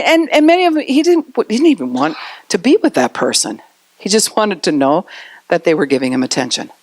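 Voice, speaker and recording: A woman's voice: lowish voice, dry recording, studio quality. A woman pastor giving a conversational sermon, often acting out the voices of the people and children she quotes.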